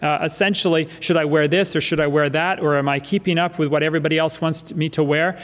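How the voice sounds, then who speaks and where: A man's voice: on the high side, steady tone, fast talker, fairly bright tone. A male pastor preaching a sermon in a church, emphatic and fond of repeating his key phrases. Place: church sanctuary. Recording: church hall reverb.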